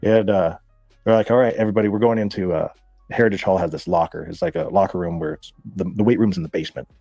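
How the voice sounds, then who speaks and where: A man telling profane, animated stories in a casual chat, laughing as he goes. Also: low-pitched, fast, creaky, dry recording, soft background music. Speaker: guest. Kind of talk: casual storytelling.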